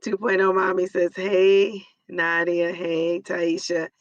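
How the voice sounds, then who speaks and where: A hoarse, raspy woman in her forties hosting a live stream, chatting casually and greeting viewers by name. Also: on the low side, monotone, slow, no room sound, lo-fi sound. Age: 40s.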